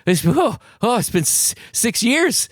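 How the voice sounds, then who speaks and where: A man putting on the voice of a nervous, rushed male film producer who stammers and hurries. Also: sing-song, dry recording, studio quality, exaggerated voice. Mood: frantic. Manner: breathless, stammering, high-pitched.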